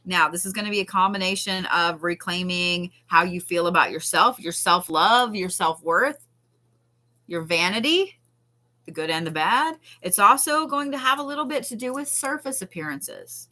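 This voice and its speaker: A woman's voice: on the low side, lively intonation, moderate pace, sharp tone. A woman giving a chatty live tarot reading, swearing casually and reassuring her viewers. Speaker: tarot reader. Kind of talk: live-stream card reading.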